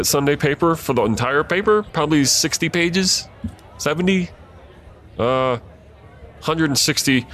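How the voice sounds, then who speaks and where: Bright-voiced sports reporter telling stories. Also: male voice, on the high side. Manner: loose anecdotal telling with laughter. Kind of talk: casual storytelling chat.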